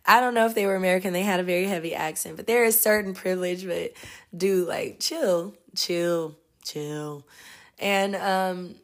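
A woman hosting a podcast as an energetic healer, telling a travel story in a chatty way and laughing often. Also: medium pitch, quick pace, hardly any pauses. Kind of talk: casual storytelling.

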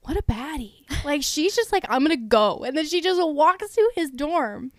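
A young woman with a fairly high voice recaps TV scenes in casual chat, throwing herself into each character's line. She gasps, swoops up in pitch and gushes over the couples. The sound is close and dry, with no room in it. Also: normal speed, dry recording. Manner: animated, acts out characters' lines with big pitch jumps and gasps. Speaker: podcast co-host.

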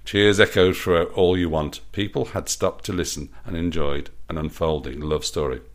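Deep-voiced man reading a story. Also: steady tone, normal speed. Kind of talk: reading his own story aloud.

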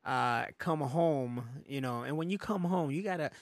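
A man's voice: a little high, moderate pace, dry recording. A man hosting a podcast in loose casual chat, rambling, laughing often and swearing freely. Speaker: podcast host.

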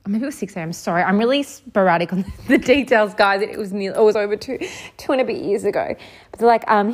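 A woman's voice: mid-range voice, fast talker. A young woman casually telling a personal story to her viewers, rambling with many fillers. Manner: rambling, many fillers, quotes others in lively voices.

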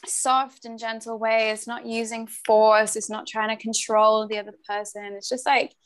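Brief: woman podcast host, slightly higher voice, gentle and effusive. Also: little pitch movement, moderate pace. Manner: effusive, soft, affirming. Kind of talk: conversational interview.

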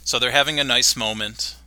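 A man's voice: medium pitch, fairly even intonation, moderate pace, sharp tone. A man co-hosting a podcast, casually retelling a cartoon episode and laughing along. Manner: laughing, retelling scenes with quoted lines. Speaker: podcast co-host.

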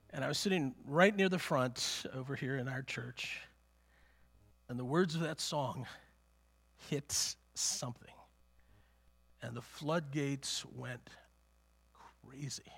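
Preaching in church, a pastor tells a personal story during his sermon in a voice pitched a little higher than most men's, a bit bright. He speaks haltingly, repeating words and letting out small chuckles.

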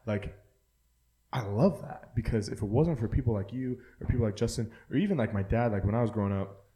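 A man's voice: fairly low pitch, brisk, warm tone. A young man co-hosting a podcast, chatting casually, profane and rambling with lots of filler words. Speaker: podcast co-host. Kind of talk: casual chat.

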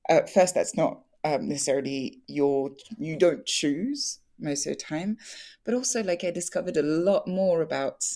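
A woman's voice: sits low, normal speed, warm tone. A young woman, an actress, talking candidly in an interview, chatty, laughing often and full of fillers and restarts.

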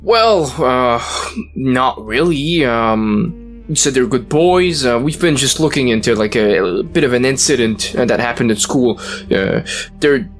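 A man's voice: mid-range voice, animated, measured pace, faint music behind. A man playing a police officer in a tabletop game, talking hesitantly with many fillers. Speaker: player.

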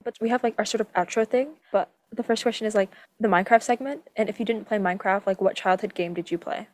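A woman's voice: mid-range voice, fast talker, darkish tone. A young woman from Virginia hosting a podcast. She chats casually and moves the talk along with questions. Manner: friendly, chatty, runs the segment with questions. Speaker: podcast host. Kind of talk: casual chat.

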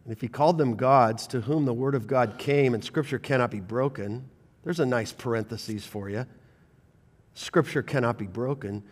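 Animated preaching man in a reverberant hall. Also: mid-range voice, moderate pace. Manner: animated preaching, swinging from loud bursts to quiet intensity. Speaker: pastor. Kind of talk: sermon. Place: church sanctuary.

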